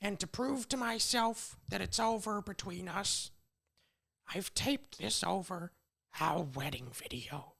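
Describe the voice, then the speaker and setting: A man doing an impression of a middle-aged cartoon housewife, speaking a sad, measured farewell in a raised voice. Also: sits high, creaky, bright, forceful tone, full character voice. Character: middle-aged cartoon housewife saying goodbye to her husband.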